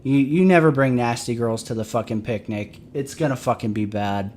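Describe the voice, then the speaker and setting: A man's voice: mid-range voice, normal speed, a little mellow, a little hiss or hum. A man, a military veteran, chatting casually on a stream and ranting with lots of profanity. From Michigan. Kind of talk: casual chat.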